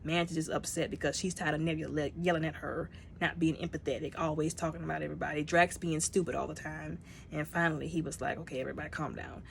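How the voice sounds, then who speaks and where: A woman casually reviewing a movie, retelling scenes with lively, acted-out character lines. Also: low-pitched, fast talker, gravelly, slight background noise.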